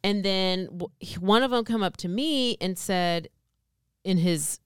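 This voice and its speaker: A woman co-hosting a podcast, telling stories in a playful, animated way in casual chat. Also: medium pitch, a little slow, clean tone, dry recording, studio quality. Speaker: podcast co-host.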